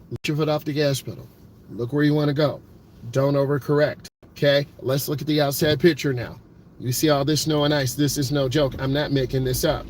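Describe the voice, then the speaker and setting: A man coaches a driving lesson from behind the wheel, calm and steady, going over each point again. His voice sits a little high. Road and engine noise carry clearly under his words. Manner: calm, repetitive coaching, talks to the viewer. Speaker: driving instructor. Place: inside a car driving on snowy roads.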